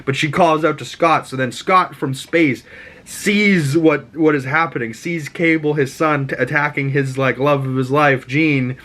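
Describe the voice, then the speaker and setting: Boston-accented male podcast host, mid-pitched, loose and profane recap style. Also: normal speed. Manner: rambling, animated, swears, acts out lines. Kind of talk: casual show recap.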